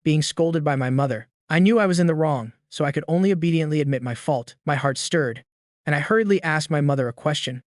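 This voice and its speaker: A man narrating a recap story in a steady reading voice. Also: a little high, brisk, dry recording, clean studio sound.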